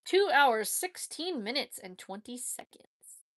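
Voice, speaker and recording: A woman's voice: a little high, very animated, slow, no room sound, clean studio sound. A woman chatting casually on a live stream, answering viewer questions in a blunt, opinionated way and often correcting herself mid-sentence. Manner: frank, with frequent fillers and self-corrections.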